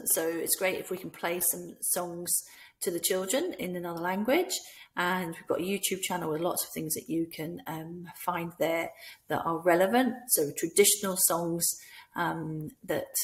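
Scottish lady walking nursery staff thru french routines, lowish voice, goes all sing-song on the questions. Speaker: language teacher for nursery staff. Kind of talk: instructional talk for teachers.

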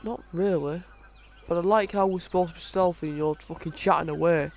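A man's voice: on the high side, fairly even intonation, brisk, vocal fry, a little hiss or hum. A man giving casual, sweary, exasperated commentary while playing a game. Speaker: gaming video host.

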